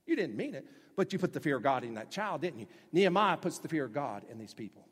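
Husky-voiced preacher man in a reverberant hall. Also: a little high, sing-song, quick pace, hardly any pauses. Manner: emphatic preaching with sudden loud acted-out quotes. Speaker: pastor. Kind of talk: sermon.

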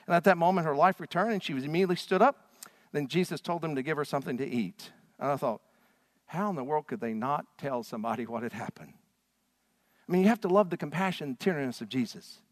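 A man preaching a sermon as a pastor, swinging from loud, fervent passages to hushed ones. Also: on the high side, fast, dry recording.

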